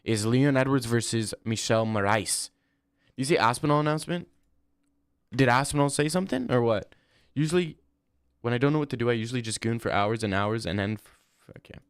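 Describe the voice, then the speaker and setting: A young man hosts a casual livestream, talking through viewer comments in a loose, rambling, slangy way. His voice sits at an ordinary middle pitch. The sound is dry and close, with no room echo. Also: brisk, pauses often, smooth. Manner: rambling, slangy, says "bro" often. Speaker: livestream host.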